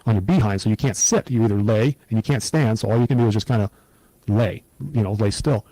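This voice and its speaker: A middle-aged man speaks in an earnest, reflective way, recounting hard times as an interview guest. His voice is dark and mellow, recorded close and dry with no room sound. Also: on the low side, quick pace, dry recording, rough recording. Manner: earnest, reflective, steady storytelling. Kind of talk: personal testimony in an interview.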